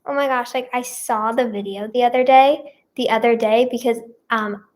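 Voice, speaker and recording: A woman's voice: on the high side, fairly even intonation, moderate pace. A teenage girl chatting casually to her viewers, rambling and full of "like" and "yeah" fillers. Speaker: vlogger and singer. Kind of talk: casual storytime chat to camera.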